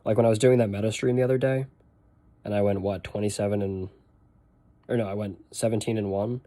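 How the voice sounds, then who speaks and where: Relaxed Boston-accented man streaming a game. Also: fairly low pitch, brisk. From northeastern United States. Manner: chatty, rambling, answers chat while playing. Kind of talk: casual gameplay stream chat.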